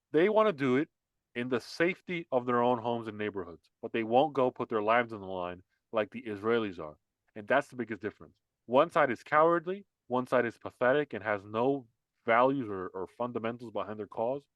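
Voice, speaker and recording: A man's voice: medium pitch, no echo, lo-fi sound. Heated, emphatic male podcast host. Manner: heated, emphatic, repeats himself with many restarts. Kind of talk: casual political podcast chat.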